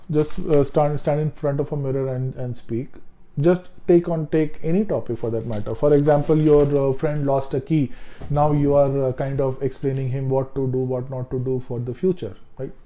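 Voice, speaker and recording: A man with a deeply dark, mellow voice walks learners through exam tips at a middling pitch. He talks casually, circles back to repeat his points and fills pauses with ums and uhs. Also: low-quality recording. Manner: conversational, repeats himself, many fillers. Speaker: test-prep tutor. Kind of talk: casual instructional talk.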